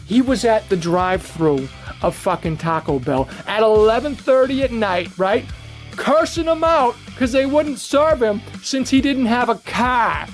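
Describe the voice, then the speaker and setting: A man's voice: extremely high pitch, expressive, unhurried, soft background music. Profane ranting man cutting a wrestling promo. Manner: profane, mocking, shouting rants. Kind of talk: trash-talk wrestling promo.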